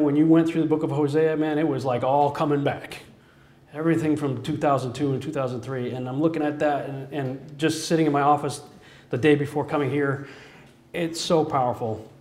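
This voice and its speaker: A man's voice: fairly high pitch, darkish tone. Earnest man preaching in an echoey room. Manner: earnest storytelling with frequent chuckles. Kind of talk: preaching personal testimony.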